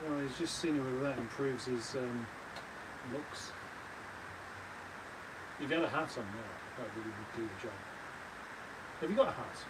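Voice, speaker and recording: On a casual livestream from a caravan, a British co-host playfully teases and banters with his friends. He has a mid-range voice, a moderate pace, and frequent pauses, and the caravan audio is noisy.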